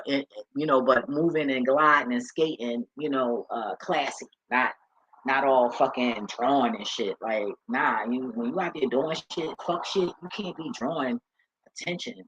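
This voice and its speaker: In a low-quality recording with no echo, a female vlogger speaks in a slightly rough bass voice. Her casual storytelling monologue is blunt street talk full of profanity and frequent laughs, with asides where she imitates how others talked.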